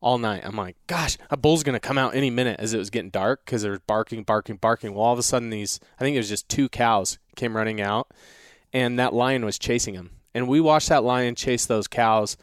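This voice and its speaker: A man's voice: fairly low pitch, fairly even intonation, clean tone, no room sound, studio quality. A man talking as a guest on a podcast, telling a long story in a rambling, casual way with many restarts. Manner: rambling, restarts often, drawn-out retelling. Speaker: guest hunter.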